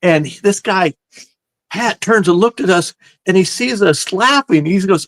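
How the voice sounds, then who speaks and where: A man's voice: high voice, a little slow, no echo. A man telling a long prank story in a casual, rambling chat, looping back with "so anyway" between beats. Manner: rambling, animated anecdote-telling with "so anyway" asides. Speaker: show guest telling stories.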